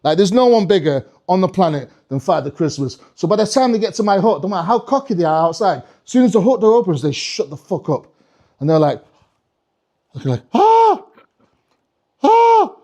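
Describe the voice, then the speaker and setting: A man's voice: high voice, expressive, fairly quick, mellow. A male comedian telling a stand-up story in a rambling, sweary way, often restarting his sentences. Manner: rambling, sweary, self-interrupting.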